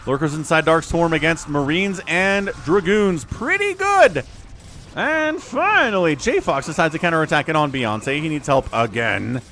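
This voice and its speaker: A man's voice: fairly high pitch, normal speed, hardly any pauses, fairly bright tone, a little hiss or hum. An American man giving casual, joking livestream commentary on a strategy game and chatting with viewers. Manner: chatty, joking, reads chat aloud.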